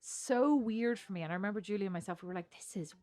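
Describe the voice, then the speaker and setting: A woman's voice: medium pitch, fast talker, dark tone. An Irish woman co-hosting a podcast, chatting casually and rambling with self-interruptions and easy laughter. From Ireland. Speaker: podcast co-host. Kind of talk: casual chat.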